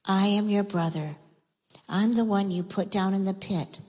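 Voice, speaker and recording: A woman voicing a gentle, forgiving young man. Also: mid-range voice, moderate pace, slightly rough, natural voice. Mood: earnest. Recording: echoey hall reverb.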